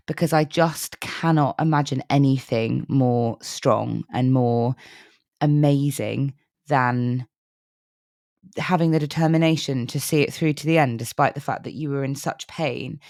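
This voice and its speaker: A woman's voice: sits low, darkish tone, no echo, clean studio sound. A woman co-hosting a podcast, speaking supportively and earnestly in casual chat. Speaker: podcast co-host.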